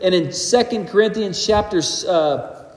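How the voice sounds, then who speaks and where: Male pastor preaching to a congregation, higher voice, echoey church hall with long reverb. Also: a little slow. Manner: animated preaching, rising and dropping in loudness. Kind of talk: sermon.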